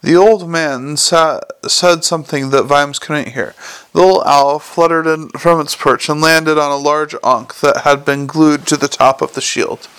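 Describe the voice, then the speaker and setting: A man narrating a storybook at a measured pace, with small slips and self-corrections. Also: a little high, fairly even intonation, a bit bright, smooth. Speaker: audiobook reader.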